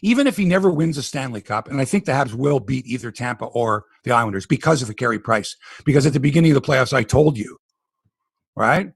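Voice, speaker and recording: A man hosting a sports podcast, ranting in animated, profane casual talk. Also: medium pitch, quick pace, vocal fry, slightly rough, no room sound.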